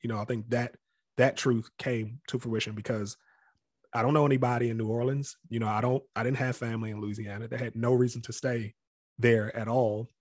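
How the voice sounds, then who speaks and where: As an interview guest, an adult man past college age who grew up near Washington, D.C., in the Capitol Heights area, reflects candidly on his story and often mimics other people's voices. He speaks a little fast in a steady, medium-pitched, slightly mellow voice, recorded with studio quality and no echo.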